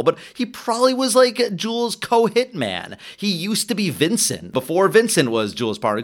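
A man in casual film-discussion chat, animated, acting out characters' lines as he talks. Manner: animated, swings pitch, acts out quotes.

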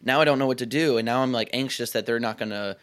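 A man's voice: medium pitch, quick pace, fairly bright tone. A young man in his twenties talking in a casual conversation, reflective and rambling, full of "like" and restarts.

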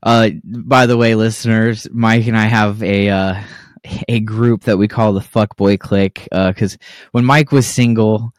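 A man's voice: lowish voice, fairly even intonation, unhurried, dry recording, studio quality. A man in his thirties co-hosting a podcast, telling rambling, profane stories and laughing often. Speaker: podcast co-host. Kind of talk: casual podcast chat.

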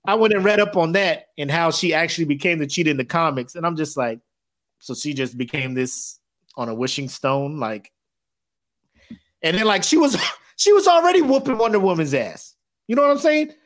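A man co-hosting a podcast in casual chat, profane and animated, acting out movie scenes in quick voices. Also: high-pitched. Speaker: podcast co-host.

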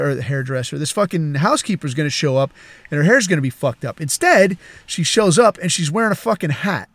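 A man's voice: sits high, fairly bright tone, no echo. A man hosting a podcast, telling a crude story in a rambling, profane way with frequent chuckles. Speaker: podcast host.

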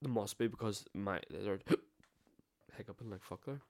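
Young man, lowish voice, dry close mic, sweary and laughing. Casual podcast co-host. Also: measured pace, gravelly, darkish tone, no room sound. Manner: swears a lot, laughs while telling stories. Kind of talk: casual chat.

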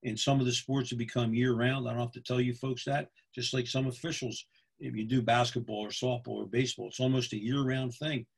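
A man's voice: medium pitch, flat delivery, fairly quick, creaky, slightly rough. A middle-aged man from Pennsylvania, a football official giving a folksy instructional talk to other officials, repeating his points and checking in with "okay?". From Pennsylvania, USA.

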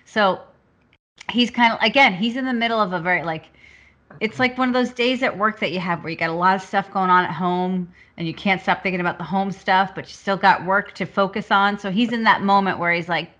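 Bright, lively woman recapping a movie on a podcast. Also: mid-range voice, fairly quick, lo-fi sound. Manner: animated retelling, acts out scenes. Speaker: podcast co-host discussing a film. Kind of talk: casual chat.

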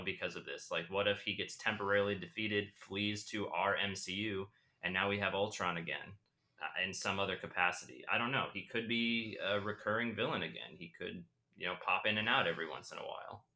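A man in casual podcast conversation with a low voice and a bright, forceful tone. He muses aloud, floating questions and possibilities. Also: fairly quick. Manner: speculative, musing. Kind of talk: casual chat.

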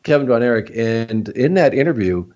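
A man's voice: medium pitch, expressive, moderate pace, a little mellow, dull audio. A man hosting a podcast, asking long, searching questions with frequent hesitations. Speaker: podcast host. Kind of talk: casual interview.

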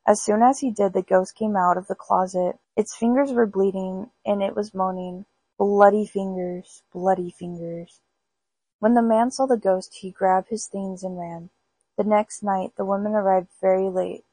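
A woman's voice: medium pitch, steady tone, moderate pace, mellow, slightly rough, no room sound, rough recording. A woman hosting a podcast, reading spooky folk tales aloud in an unpolished amateur way with small stumbles. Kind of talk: storybook read-aloud.

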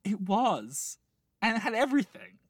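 Rambling, animated man telling a story. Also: high voice, moderate pace, husky, no echo, studio quality. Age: late 20s. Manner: rambling, animated, laughing, many restarts. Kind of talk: casual chat, dream storytelling.

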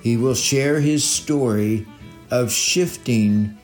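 A man's voice: medium pitch, slow, darkish tone, faint music behind. A man hosting a podcast and interviewing a friend in a casual, upbeat way with light chuckles. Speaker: podcast host.

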